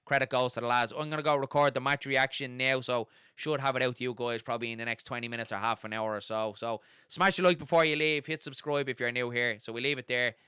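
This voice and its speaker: An Irish man hosting a live football watchalong, chatting casually and reading out viewer comments at a fast, excited clip. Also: medium pitch, smooth, no room sound, clean studio sound. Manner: fast-talking, gets excited and carried away. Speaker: host of a football watchalong stream.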